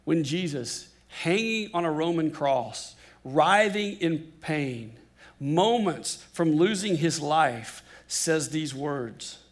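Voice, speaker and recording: A man with a notably high voice preaches a sermon. He swings between emphatic declarations and hushed, drawn-out words, stretching key phrases for dramatic weight. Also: expressive. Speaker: pastor.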